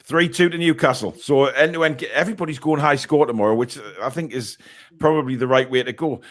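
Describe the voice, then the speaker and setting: A man's voice: medium pitch, a little fast, fairly bright tone. A man hosting a casual fan podcast, chatting and reacting with frequent filler words. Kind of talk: casual live-stream chat.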